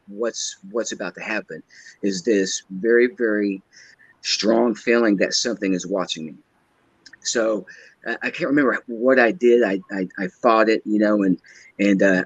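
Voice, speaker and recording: A man telling a personal story as a guest, halting and hesitant, often repeating his words. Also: fairly low pitch, steady tone, slightly rough, no room sound. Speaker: guest caller. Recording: dull lo-fi line.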